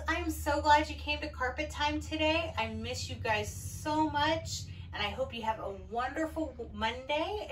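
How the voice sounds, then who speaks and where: Bright, cheerful woman teacher. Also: a little high, distant mic, slight background noise, poor audio. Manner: cheerful, encouraging. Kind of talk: reading a picture book to young children. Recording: voice from away from the mic.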